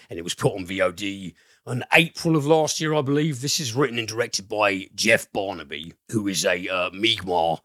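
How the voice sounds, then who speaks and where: Deep-voiced man chatting about films. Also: bright, forceful tone, dry recording, clean studio sound. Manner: enthusiastic, profane, rambling. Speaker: film podcast host. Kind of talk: casual film review chat.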